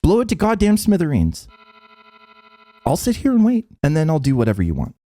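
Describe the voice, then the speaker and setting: A man's voice: mid-range voice, very animated, normal speed, warm tone, no room sound, soft background music. A man voicing a hot-tempered young gunslinger girl who talks in a brash, snappy, cursing way. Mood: mocking.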